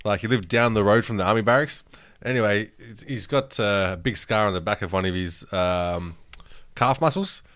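A low-voiced Australian man talks footy on a podcast, loose and profane, drifting into rambling stories. The sound is close and dry, with no room around it. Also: moderate pace, a bit bright, no echo. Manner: swears freely, rambling anecdotes. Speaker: podcast co-host. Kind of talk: casual sports chat.

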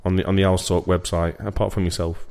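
A man's voice: sits low, fast talker, clear, resonant tone. A man co-hosting a casual podcast chat, teasing and joking. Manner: jokey, teasing, animated, does silly voices. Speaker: podcast co-host.

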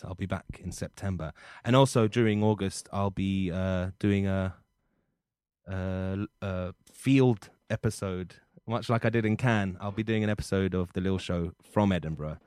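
In a studio with no echo, a man hosts a comedy podcast, joking and teasing his co-host with mock outrage. His voice sits low with a darkish tone, and the talk is casual comedic chat.

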